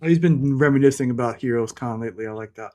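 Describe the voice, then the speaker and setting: A man on a comics panel telling a story in a relaxed, matter-of-fact way. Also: medium pitch, fast. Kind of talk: casual podcast chat.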